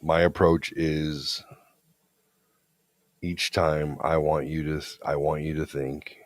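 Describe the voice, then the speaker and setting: A man's voice: rumbling low, little pitch movement, slow pace, no room sound. A man co-hosting a podcast, telling a story in a blunt, profane, confident way. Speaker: podcast co-host. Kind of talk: casual storytelling chat.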